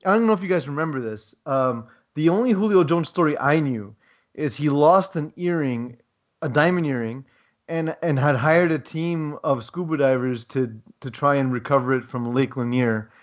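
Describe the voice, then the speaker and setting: A man's voice: fairly high pitch, moderate pace, dull audio. A man co-hosting a sports podcast in casual chat, rambling with lots of ums and wry asides. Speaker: podcast co-host.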